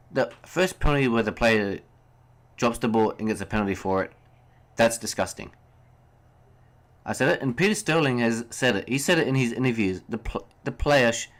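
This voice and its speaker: A young man hosting a solo sports podcast, ranting heatedly about referees, swearing and then apologizing. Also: mid-range voice. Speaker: podcast host.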